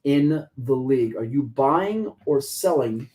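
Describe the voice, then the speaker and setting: A man hosting a sports talk show, talking fast and joking excitedly with his co-host. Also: mid-range voice, low-quality recording. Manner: fast, excitable, jokey and talkative.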